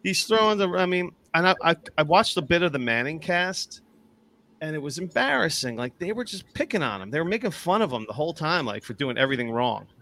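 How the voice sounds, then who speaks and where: A man co-hosting a fantasy football podcast in casual chat, rambling and animated and swearing often. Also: a little high, brisk.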